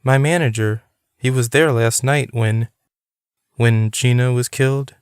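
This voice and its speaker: A man voicing a wary, teasing young woman, pitching his voice up and reading slowly. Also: fairly even intonation, clean tone, no echo, clean studio sound, lightly acted. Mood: shaken. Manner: pitched up, quick-tempered.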